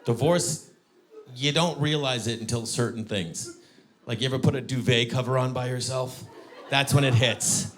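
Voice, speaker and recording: A male stand-up comedian performing a set on stage, acting out characters with sudden high-pitched shouts. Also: normal speed. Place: comedy venue with audience.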